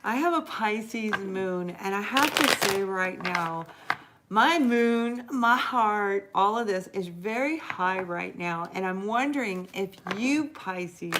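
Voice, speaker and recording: A middle-aged woman hosts a live tarot reading, her voice sitting at an ordinary middle pitch. She speaks earnestly and warmly encouraging, addressing viewers directly and leaning on key words by drawing them out. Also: expressive, heavy background noise. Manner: earnest, encouraging, talks straight to viewers with drawn-out emphasis. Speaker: tarot reader and host.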